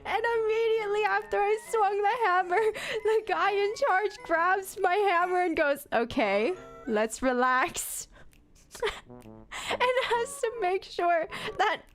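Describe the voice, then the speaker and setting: A woman's voice: very high voice, a little slow, soft background music. A woman VTuber chatting casually on stream, telling a story with lots of laughter and stumbling restarts. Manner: animated storytelling with frequent laughter; self-repeating, stumbling restarts.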